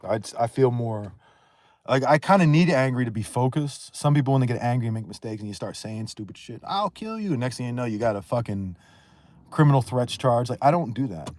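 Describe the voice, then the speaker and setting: A man talking casually on a livestream, blunt and profane, rambling and quick to raise his voice. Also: medium pitch, darkish tone, dry recording. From Northeast United States.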